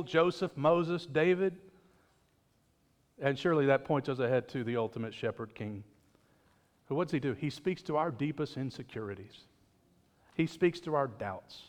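A pastor preaching a sermon in a conversational way, with joking asides to the congregation. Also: male voice, fairly high pitch. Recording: long reverb of a church hall.

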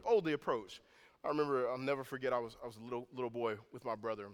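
A man preaching a sermon as pastor, moving from calm teaching to loud, intense passages. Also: medium pitch, fast, clean tone. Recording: long hall reverb.

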